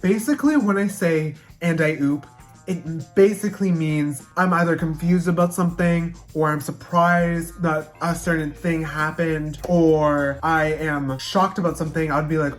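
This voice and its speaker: A woman's voice: on the low side, moderate pace, faint music behind. A young woman casually explaining slang words to her viewers, playful and dramatic, acting out her own examples. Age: young adult. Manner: playful, dramatic, slips into sing-song quoting.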